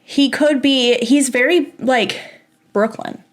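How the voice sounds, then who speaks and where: A young woman co-hosting a podcast, chatting casually and telling stories, animated and laughing often as she acts out quotes. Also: high voice, slow. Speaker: podcast co-host. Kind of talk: casual chat and storytelling.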